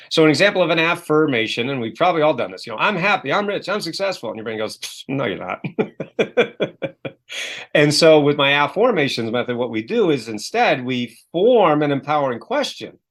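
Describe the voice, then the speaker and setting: Animated man telling stories. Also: a little high. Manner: lively storyteller who acts out quoted voices. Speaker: guest, self-help author and coach. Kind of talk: animated podcast interview.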